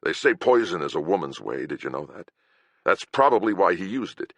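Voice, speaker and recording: Man doing a gruff, foul-mouthed healer. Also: low-pitched, very animated, a little fast, fairly bright tone, dry recording, pitched above the performer's own voice, heavily acted. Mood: snarling angry. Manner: snarling, profane, blunt.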